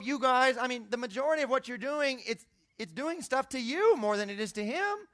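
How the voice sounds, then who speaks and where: A young man preaching a conversational sermon, his voice jumping high when he makes a point. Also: expressive, fast talker, bright, forceful tone, dry recording, clean studio sound. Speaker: youth pastor.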